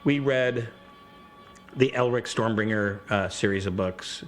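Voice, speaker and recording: A man telling gaming stories in a casual chat, rambling and animated, often breaking into quoted voices. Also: lowish voice, measured pace, soft background music. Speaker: podcast guest.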